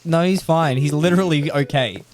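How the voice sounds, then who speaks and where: Over background music, a man with a slightly high, darkish voice streams a game at normal speed. He chats casually and ramblingly, laughing often.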